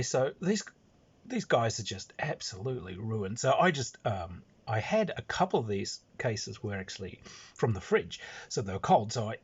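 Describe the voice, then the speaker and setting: A Western Australian man tells a rambling, amused story, pitch rising and falling in a lively way. His voice is somewhat husky, and the recording sounds dull and lo-fi. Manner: rambling, amused, many fillers and restarts. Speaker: storyteller, screenwriter. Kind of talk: casual anecdote.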